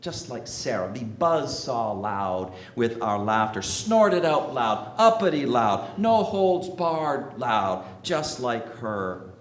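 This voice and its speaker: Male minister, sermon, slow deliberate delivery, rhetorical questions, faint room noise, echoey hall. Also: medium pitch, sing-song. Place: sanctuary with congregation.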